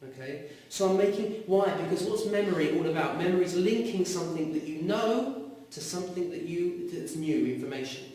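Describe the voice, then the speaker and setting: A man teaching a lively class, asking students questions as he goes. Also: high voice, a little fast, hardly any pauses. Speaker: Arabic teacher. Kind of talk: classroom lecture. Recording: echoey room, mic far off.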